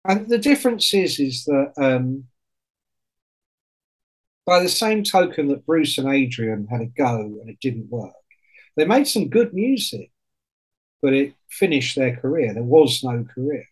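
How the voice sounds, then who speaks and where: Animated swearing male storyteller. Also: mid-range voice, unhurried, pauses often, rough recording. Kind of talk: casual chat.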